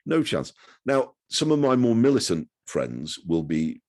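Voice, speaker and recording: A man's voice: mid-range voice, very animated, a little slow, darkish tone. A man in his sixties, a guest telling chatty, self-deprecating stories in a casual interview. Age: 60s.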